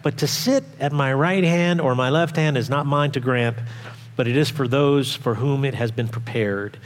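Animated preaching man in reverberant hall. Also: mid-range voice, normal speed. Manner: animated, acts out quoted voices, asks the congregation questions. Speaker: pastor. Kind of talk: sermon.

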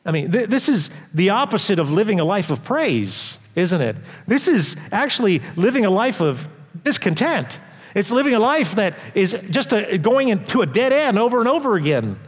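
A man's voice: high voice, big pitch swings, normal speed, breathy edge. Man preaching a sermon in a reverberant hall. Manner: conversational preaching with rhetorical questions to the congregation. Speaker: pastor.

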